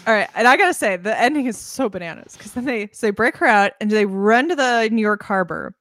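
A woman's voice: medium pitch, animated, fairly quick, fairly bright tone, dry recording, clean studio sound. A woman co-hosting a podcast, recapping a film in casual, sarcastic chat, swearing freely and acting out the characters' lines. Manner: sarcastic, swears a lot, acts out quotes. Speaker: podcast co-host.

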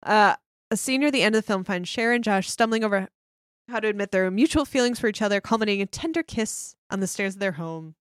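A woman's voice: mid-range voice, animated, quick pace, clean tone, dry recording. Young woman co-host, chatty and giggly, dry close sound. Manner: laughs often, reads plot summary aloud. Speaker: podcast co-host. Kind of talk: casual chat recapping a film.

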